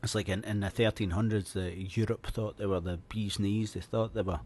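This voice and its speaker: Deep-voiced man in casual chat. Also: steady tone, a little fast, darkish tone. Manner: swears freely, storytelling asides.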